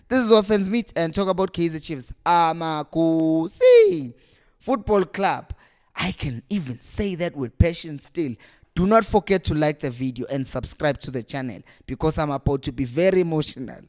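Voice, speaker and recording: Exasperated man ranting. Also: fairly high pitch. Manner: exasperated, rhetorical questions, rising emphasis. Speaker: fan channel host. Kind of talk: passionate fan rant to camera.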